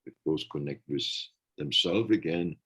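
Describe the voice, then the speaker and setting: A man's voice: extremely low pitch, normal speed, fairly bright tone, slightly rough, rough recording. A man talking earnestly in a reflective podcast conversation, acting out the remarks he quotes.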